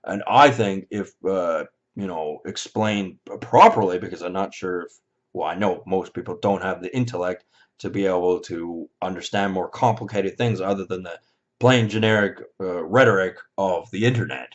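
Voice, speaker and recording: A man ranting in an angry, profane monologue, with sudden loud outbursts and mocking voices when he quotes others. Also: deep voice, moderate pace. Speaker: vlogger. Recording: dull lo-fi recording.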